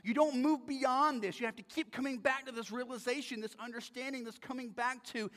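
A man's voice: extremely high pitch, steady tone, fairly quick, few pauses, a bit bright. Male pastor, emphatic and conversational, preaching in an echoing church with long reverb. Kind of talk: sermon. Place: church sanctuary.

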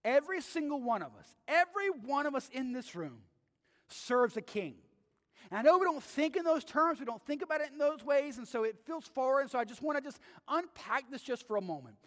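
Extremely high in pitch, expressive, fairly quick and a bit bright, a male pastor preaches in a conversational style. He frequently asks the audience "right?", his words echoing with the long reverb of a church sanctuary.

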